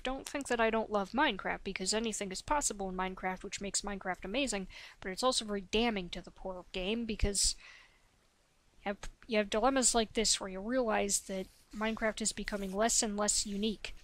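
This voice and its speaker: A woman's voice: mid-range voice, fairly quick, a bit bright. A woman in her late twenties with a young-sounding voice, doing hyper, nonstop voice-over commentary on her gameplay, a little sniffly. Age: 20s. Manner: hyper, chatty, talks nonstop. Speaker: let's play host.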